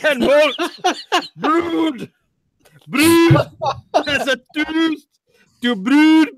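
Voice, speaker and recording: A man doing a bad, over-the-top Scottish accent, reading a beer label aloud in a squeaky, strained voice that climbs far above his usual pitch. The words come out slow and deliberate, stumbling over unfamiliar terms. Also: sharp tone, no room sound, full character voice. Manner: laughing, high-pitched, slow, struggling through the text.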